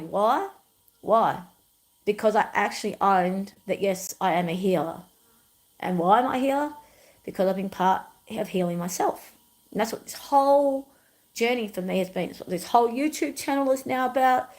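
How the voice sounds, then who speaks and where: A woman's voice: mid-range voice, low-quality recording. A middle-aged woman, hosting her own livestream and telling personal stories in an emphatic, rambling way with many repetitions. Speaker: YouTube channel host.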